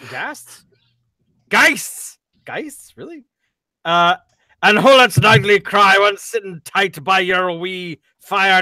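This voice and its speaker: A man doing a bad, over-the-top Scottish accent, reading a beer label aloud in a squeaky, strained voice that climbs far above his usual pitch. The words come out slow and deliberate, stumbling over unfamiliar terms. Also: sharp tone, no echo, heavily acted. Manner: laughing, high-pitched, slow, struggling through the text.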